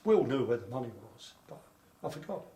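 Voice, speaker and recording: An older man talks fast about his wartime childhood in an oral history interview, his medium-pitched, mellow voice full of big pitch swings. He rambles and repeats himself, and the recording has an echoey room and faint background noise.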